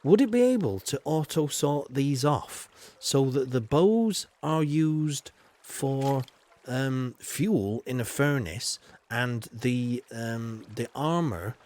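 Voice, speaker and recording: A man's voice: mid-range voice, darkish tone. A man streaming a game live, chatting loosely with viewers, greeting them by name and filling his talk with ums and you-knows. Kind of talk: live gameplay commentary.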